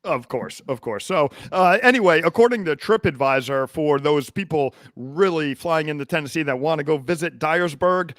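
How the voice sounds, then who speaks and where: A man's voice: fairly high pitch, moderate pace, few pauses, fairly bright tone, no echo. Rambling male podcast host, dry close sound. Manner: rambling with many fillers and restarts. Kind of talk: casual podcast chat.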